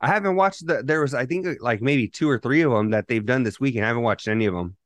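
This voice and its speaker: Male podcast co-host, mid pitch, dry close sound, rambling profane storyteller. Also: animated, quick pace, no room sound. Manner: loose, profanity-heavy storytelling with rambling restarts. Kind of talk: casual chat.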